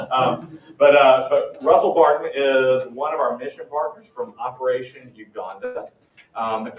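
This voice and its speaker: Pastor in an echoey church hall. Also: male voice, medium pitch, slight background noise. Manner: rambling, warm-up style with many fillers. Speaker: pastor leading a Bible study. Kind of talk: casual church introduction. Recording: roomy, dull-sounding hall recording from a distance.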